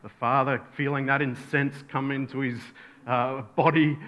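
A man's voice: medium pitch, flat delivery, moderate pace, a bit bright, muffled recording. A male pastor preaching a sermon, telling a bedtime story and acting out the voices in it. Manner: storytelling, acts out voices in anecdotes.

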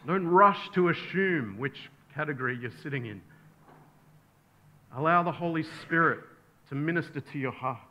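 A man preaching a sermon, earnest, building to emphatic peaks and then dropping soft. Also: medium pitch, muffled recording. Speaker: pastor.

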